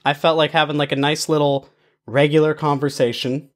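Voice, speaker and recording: A man's voice: on the high side, fairly quick. A young man co-hosting a podcast, telling comic stories in casual chat. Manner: animated storytelling with quoted banter. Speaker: podcast co-host.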